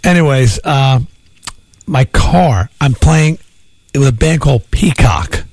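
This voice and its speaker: A man hosting a radio show, telling a long rambling story in a lively, jokey way. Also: medium pitch, takes it slowly, gravelly, no echo. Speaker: radio host. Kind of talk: casual storytelling on morning radio. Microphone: studio microphone.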